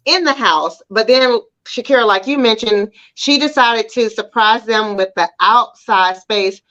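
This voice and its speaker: A woman's voice: on the high side, unhurried, a bit bright, highs cut off. A woman co-hosting a casual talk show, chatting about TV episodes and acting out her own reactions in quoted asides. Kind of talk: casual chat about TV shows.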